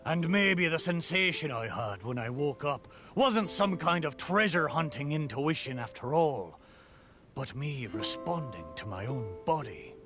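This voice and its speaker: An actor voicing the friendly, pirate-like spirit of a ship in a video game, who speaks wistfully but breaks into hearty pirate exclamations. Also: male voice, a little high, expressive, unhurried. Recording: game audio with faint music.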